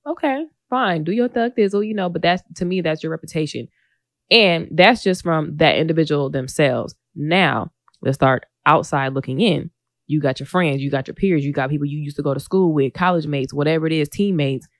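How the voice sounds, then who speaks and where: A woman's voice: sits low, fairly quick, dry recording. A woman co-hosting a podcast in casual chat, teasing and slangy. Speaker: podcast co-host.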